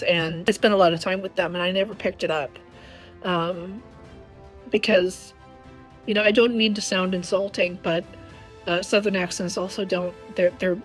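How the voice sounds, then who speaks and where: Hesitant woman with a strained voice. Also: on the low side. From American South. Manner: hesitant, frequent ums and restarts, blunt. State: rough, strained voice. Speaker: vlogger. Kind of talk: casual opinion monologue.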